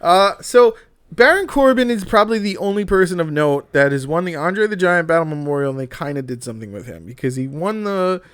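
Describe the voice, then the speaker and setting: A man co-hosting a casual wrestling podcast, excitable, swearing often and laughing at his own jokes. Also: fairly high pitch, fairly quick, clear, resonant tone, no room sound. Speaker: podcast co-host.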